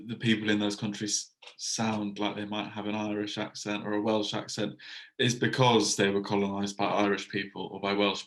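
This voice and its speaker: A man hosting an interview, asking questions in a thoughtful way with many pauses and fillers. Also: fairly low pitch, rough recording. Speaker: interviewer host. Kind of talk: conversational interview.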